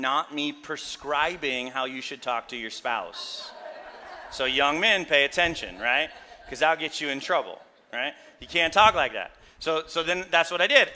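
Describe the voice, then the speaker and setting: A man's voice: on the high side, normal speed, bright, forceful tone. A middle-aged male pastor preaching a casual sermon, telling candid, self-deprecating stories and checking in with the congregation with asides like "right?". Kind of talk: conversational sermon.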